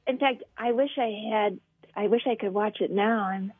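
A woman comedian chatting on a radio show, animated and rambling, laughing as she talks. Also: mid-range voice, normal speed, slightly rough, no echo, phone-quality sound. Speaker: comedian guest. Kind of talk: casual radio chat.

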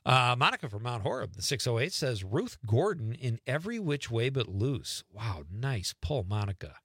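A man's voice: medium pitch, big pitch swings, normal speed, fairly bright tone, husky, no room sound, clean studio sound. A middle-aged man, hosting a radio talk show and chatting casually as he reads listener texts aloud. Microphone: studio microphone.

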